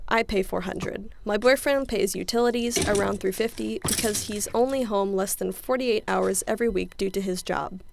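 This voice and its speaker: A young woman reading reddit stories aloud in an expressive way, saying punctuation out loud and adding her own reactions. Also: on the high side, slight background noise. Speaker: reddit story reader.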